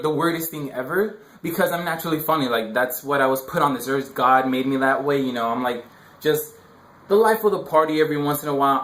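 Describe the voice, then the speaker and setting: Young guy, slightly high voice, loose rambling slang, roomy echo on the mic. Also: fairly bright tone. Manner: rambling, filler-heavy slang. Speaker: dating advice vlogger. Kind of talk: casual advice monologue.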